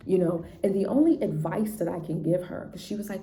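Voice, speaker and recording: A woman's voice: lowish voice, a little fast, few pauses, dark tone. A woman teacher telling a classroom story in a chatty, casual way, often checking in with "right?" and "you know". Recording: roomy echo, faint background noise.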